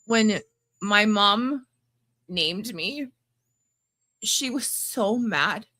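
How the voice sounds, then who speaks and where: A woman's voice: mid-range voice, expressive, extremely slow, bright, forceful tone. A woman co-hosting a podcast, teasing and laughing through casual banter. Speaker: podcast co-host.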